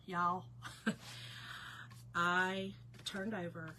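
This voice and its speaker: A woman hosting a casual livestream, telling a story to her viewers in an animated way and often breaking into laughter. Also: a little high, a little slow, noisy background. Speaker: livestream host.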